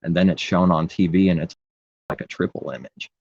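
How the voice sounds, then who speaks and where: A man's voice: low-pitched, brisk, vocal fry, darkish tone, breathy edge, no room sound, highs cut off. A man preaching in an impassioned, rambling religious monologue, repeating his phrases.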